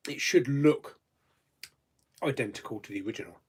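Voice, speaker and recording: A man hosts a live chat stream, casually reading viewer questions aloud and answering them with frequent laughter. His voice sits in the mid range at a normal pace, with a little hiss or hum in the audio.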